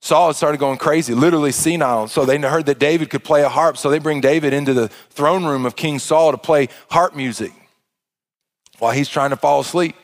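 A man preaching a sermon as pastor, impassioned, with stammering restarts and swings from hushed to loud. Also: fairly high pitch, fairly quick.

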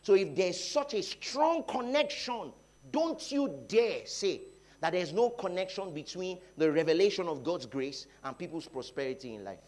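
A Nigerian man preaching a sermon, dropping to quiet talk and rising to loud shouts, often repeating his phrases. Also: sits high, animated, moderate pace. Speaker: pastor. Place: church hall.

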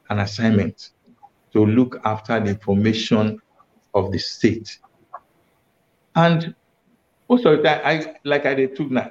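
A man from Edo State, Nigeria, with a Nigerian accent, a guest recounting his time as a state information official and acting out quoted speech. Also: medium pitch. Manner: animated storyteller, acts out quoted speech. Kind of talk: storytelling in Nigerian Pidgin. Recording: muffled, dull audio.

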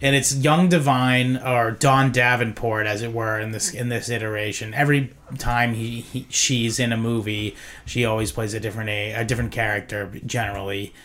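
A man's voice: medium pitch, fairly even intonation, moderate pace, a bit bright. A man co-hosting a casual movie podcast, rambling with lots of fillers and trailing off. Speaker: podcast co-host.

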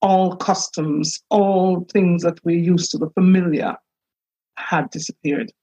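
A woman minister giving an earnest, halting personal account, with many pauses and restarts, on a dull lo-fi recording. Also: lowish voice, fairly even intonation, dark tone, husky. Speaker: minister and priest. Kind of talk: reflective personal testimony.

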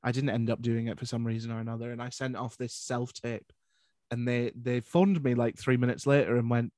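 A Scottish man hosts a podcast in a playful, chatty way. His voice is mid-pitched for a man and recorded dry and close, with no room sound. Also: steady tone, a little fast, a little mellow, no room sound. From Glasgow, Scotland. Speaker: podcast host. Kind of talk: casual chat.

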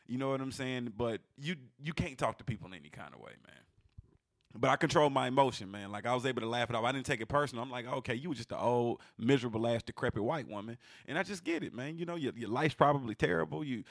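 Animated man telling a story. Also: mid-range voice, fast talker, dry recording, clean studio sound. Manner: animated storytelling, swears freely. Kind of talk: casual chat.

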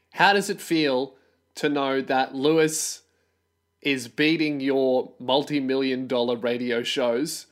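Young aussie guy ranting and swearing on his solo podcast, a bit high voiced, loud and mocking. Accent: Australian. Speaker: podcast host. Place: bedroom.

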